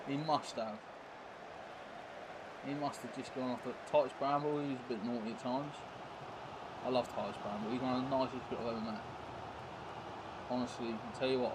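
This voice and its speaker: A man chats away casually while streaming a football video game. He rambles from thought to thought and keeps tacking on tag questions. Steady background noise and passing vehicles sit behind his voice. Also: medium pitch.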